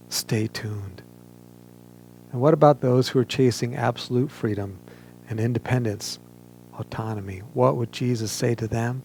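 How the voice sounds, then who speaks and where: A man preaching a sermon as pastor, earnest and measured, with emphatic pauses. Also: medium pitch, fairly even intonation, darkish tone, slight background noise. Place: church, streamed online service.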